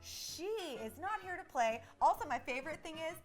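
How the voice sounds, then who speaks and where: A young woman with a high, bright voice chats through a reality-show recap, tossing in quick jokes and playful asides. Faint music plays underneath. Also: animated. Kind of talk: casual chat.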